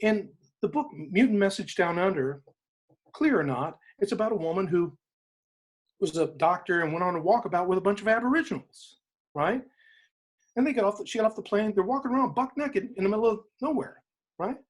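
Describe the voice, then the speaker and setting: A man, an interview guest, retelling a story in an emphatic, animated way, often repeating phrases for weight. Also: high voice, fairly quick. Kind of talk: inspirational storytelling in conversation.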